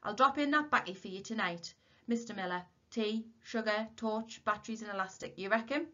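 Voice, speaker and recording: A woman's voice: mid-range voice, fairly quick, sharp tone, pitched above the performer's own voice, lightly acted. Woman doing a curt old countryman. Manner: curt, muttering. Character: gruff older countryman, curt but caring. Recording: dull lo-fi recording.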